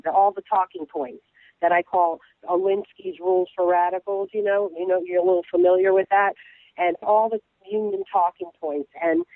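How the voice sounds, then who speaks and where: An animated woman talks over a tinny, dry phone line, her pitch leaping up and down as she tells a story. Her voice has a gravelly edge, and she talks in an irreverent, chatty way full of "you know"s. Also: no room sound. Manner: animated, irreverent, many fillers and restarts. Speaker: guest blogger. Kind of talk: casual storytelling on a call-in show.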